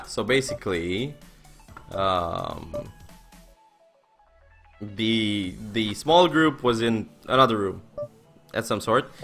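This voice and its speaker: Man, twenties, bright forceful voice, rambling, filler-heavy, swearing, casual stream chat. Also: fairly low pitch. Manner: excitable storyteller, laughing. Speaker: poker streamer and coach. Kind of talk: casual live-stream chat while playing poker.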